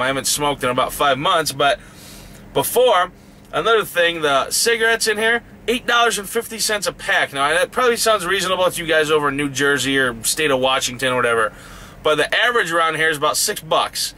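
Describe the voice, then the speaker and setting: A fired-up male trucker tears into a truck stop, cursing nonstop and climbing higher as his outrage builds. His voice sits fairly high for a man and rings bright and forceful. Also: a little hiss or hum. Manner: heated, swears constantly, voice rising in outrage. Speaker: truck driver vlogger. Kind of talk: angry profane rant.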